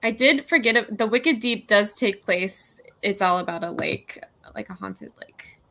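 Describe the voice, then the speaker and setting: A woman's voice: medium pitch, unhurried, vocal fry, pushed and bright. A woman hosting a reading livestream, chatting casually with friends over a video call and often breaking into laughter as she reads viewer comments aloud. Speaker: livestream host.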